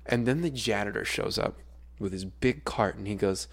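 A young man with a low, gravelly voice, chatting casually on a podcast. He tells his story with energy and jumps into loud, acted-out quotes of the people in it. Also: moderate pace. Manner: animated storyteller, acts out quotes loudly. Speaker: podcast co-host, schoolteacher.

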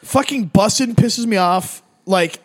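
High-voiced man ranting casually. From Philadelphia. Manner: profane, ranting, quick to mock. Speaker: podcast co-host. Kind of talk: casual chat.

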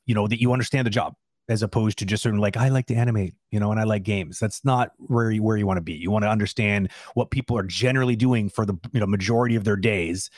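A man talks fast and emphatically into a close, dry mic, co-hosting a casual advice show. He keeps asking rhetorical questions as he encourages listeners. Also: lowish voice, no echo. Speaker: co-host of an animation Q&A show.

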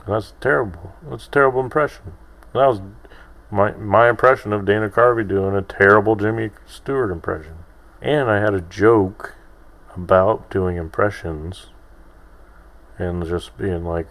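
A man's voice: sits low, fairly even intonation, normal speed, fairly bright tone. A man in his thirties hosting a solo podcast, rambling and self-deprecating with lots of restarts. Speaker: podcast host. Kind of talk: casual solo podcast monologue.

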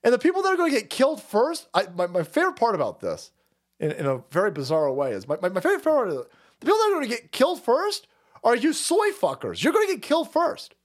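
A man's voice: very high voice, wildly swooping pitch, fast talker. Profane ranting man on a stream. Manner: profane, ranting, loud and heated; frequent stammering restarts. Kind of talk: livestream rant.

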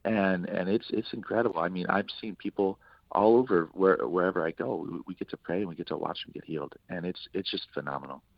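Low gravelly guy telling a story all animated, dry muffled mic. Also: fast talker, no echo. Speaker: ministry partner, guest. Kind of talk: anecdote in a talk-show interview.

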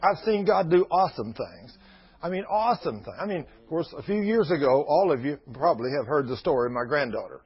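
Older preacher, husky high voice, folksy storyteller, dull lo-fi radio sound. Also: male voice, expressive, a little fast. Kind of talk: sermon.

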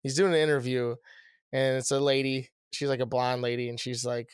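A man's voice: mid-range voice, fairly even intonation, fairly quick, a bit bright, clear, resonant tone, dry recording, studio quality. A young man co-hosting a podcast, telling rambling, profane stories in casual chat. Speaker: podcast co-host.

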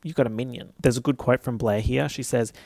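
A man talks through a TV episode in a sassy, sweary, animated way, his voice leaping into sudden high squeals. His pitch sits in an ordinary middle range. The sound is close and dry, with no room around it. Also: a little fast, gravelly, no room sound. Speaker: TV recap vlogger. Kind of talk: casual episode recap.

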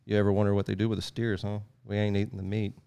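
A man's voice: lowish voice, flat delivery, very fast, gravelly, dark tone, clean tone. A man, a podcast host chatting casually and explaining a cocktail step by step. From Southeast Texas.

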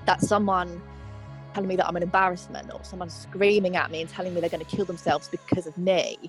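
A young woman telling her own story in a candid, halting way, full of fillers. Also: lowish voice, level tone, soft background music. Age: young adult. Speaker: interviewee. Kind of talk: personal testimony.

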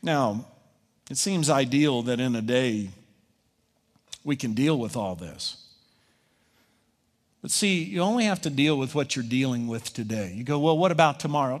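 A man's voice: mid-range voice, lively intonation, moderate pace, long pauses, in a large hall. A pastor preaching a conversational sermon, voicing his listeners' objections and answering them.

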